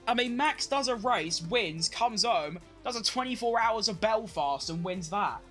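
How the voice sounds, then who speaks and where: A young streamer talks through a race watch-along in a loose, rambling way, throwing in casual swears. The voice sits at a middling pitch for its kind, and faint music plays quietly underneath. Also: animated, a little slow.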